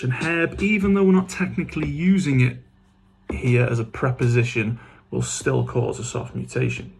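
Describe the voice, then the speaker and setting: A man's voice: mid-range voice, vocal fry, a little mellow, a little hiss or hum. A man teaching language in a scripted but casual lesson, with dry, self-mocking humour, saying phrases and then explaining them in English. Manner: switches between Welsh phrases and English glosses.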